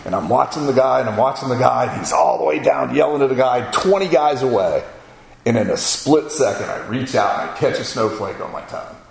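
A man's voice: medium pitch, fairly quick, gravelly. A middle-aged man from Florida telling a folksy personal story in casual talk. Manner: folksy, animated storytelling with acted-out quotes. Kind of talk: casual spoken memoir. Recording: echoey room with faint ambient noise.

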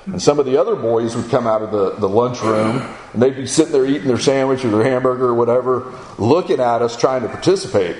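A man's voice: lively intonation, quick pace, few pauses, darkish tone. Conversational man telling a story in an echoey room. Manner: conversational, acts out his son's and others' lines in a higher voice. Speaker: speaker at a men's gathering. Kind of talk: sermon-style storytelling.

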